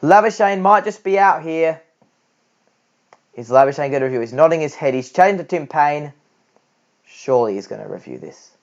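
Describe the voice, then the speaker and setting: A young man puts on a breathless Australian cricket commentator, pitched well above his own voice and punching out every call. The tone is gravelly at the edges, and the recording sounds dull and lo-fi. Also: moderate pace, long pauses. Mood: excited. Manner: loud, rising excitement over each replay. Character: excitable adult male cricket TV commentator impression.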